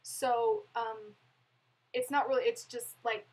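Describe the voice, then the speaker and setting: Husky-voiced young woman rambling on a live stream, kinda high, laughs a lot. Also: steady tone, takes it slowly, darkish tone, poor audio. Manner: chatty and rambling, with frequent laughs and fillers. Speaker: vlogger answering live chat. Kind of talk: casual live-stream chat.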